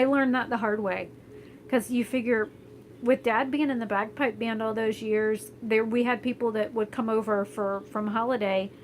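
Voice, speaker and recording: A woman's voice: on the high side, slight background noise, low-quality recording. A young woman from Florida in a casual, rambling chat to camera, blunt and full of fillers and restarts. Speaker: vlogger. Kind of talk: casual chat while doing hair, reading live chat. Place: home, indoors.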